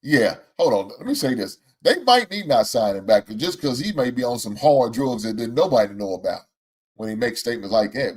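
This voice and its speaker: A man hosts a casual sports talk show, talking in Southern American slang with animated exclamations and frequent laughter. His pitch is medium and his pace moderate.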